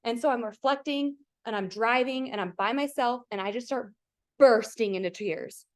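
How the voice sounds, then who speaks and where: A woman's voice: a little high, normal speed. A woman hosting a coaching call over video, telling an emotional personal story in an earnest, chatty way, full of "like" and direct questions to her listeners. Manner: emotional, earnest, heavy use of "like", addresses the audience directly.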